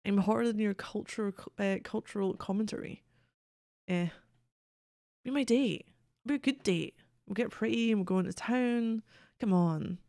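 Sardonic woman streamer with gravelly voice. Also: mid-range voice, moderate pace, long pauses, warm tone, no echo, studio quality. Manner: sardonic, swears, reads game texts aloud. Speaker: game streamer. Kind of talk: casual gameplay commentary.

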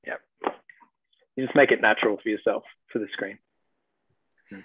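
A man's voice: lowish voice, a little fast, pauses often, husky, no echo. A man with an Australian accent, an actor chatting as a guest in a casual interview, rambling with fillers and restarts. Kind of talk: casual video-call interview. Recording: tinny phone-like call audio, dry.

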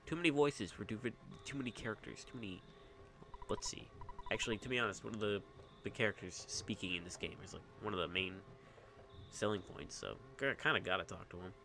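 A man's voice: fairly low pitch, a little fast, gravelly, pushed and bright, a little hiss or hum. A man casually commenting on a game he plays, joking and swearing. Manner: joking, profane, rambling. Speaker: let's play host.

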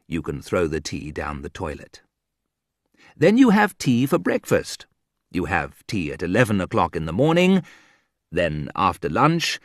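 Male narrator with a lowish voice reading humorous prose, ironic and dry, close and unreverberant. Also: no echo. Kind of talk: reading a humorous essay aloud.

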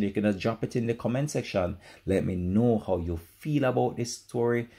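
A male host of an online news channel talks through a story in an earnest, sympathetic way. His voice is very deep, with a dark, mellow tone. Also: husky. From Jamaica.

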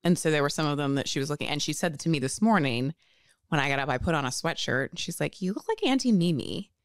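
Brief: woman, 30s, podcast co-host, low voice, chatty storyteller, dry close mic. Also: fast, clear, resonant tone, no echo. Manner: chatty storyteller, many "like"s, acts out quotes. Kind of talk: casual chat.

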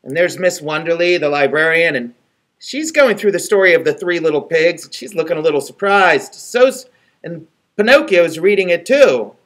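A man, a library storyteller, reading a picture book aloud and chatting to children in a gentle, expressive way. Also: a little high, moderate pace.

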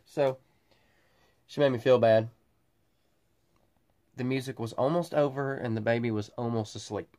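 A man's voice: mid-range voice, moderate pace, long pauses. A man, chatting and joking casually on his vlog. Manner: animated, joking, drawling. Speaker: vlogger.

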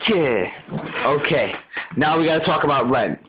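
A giddy man with a high voice rushes and shouts through a homemade comedy skit. The audio is muffled, with loud hiss behind him. He sounds lo-fi and rough. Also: lively intonation, echoey room.

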